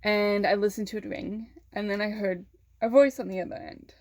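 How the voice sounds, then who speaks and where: A woman vlogger telling a personal story in a candid, halting way, swearing freely and holding back tears. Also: medium pitch, fairly even intonation, darkish tone.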